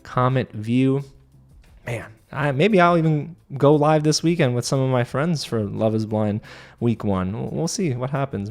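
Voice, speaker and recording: A man hosting a casual reality-show recap from a studio set, talking in an animated way and acting out lines in other voices. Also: medium pitch. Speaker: TV recap host.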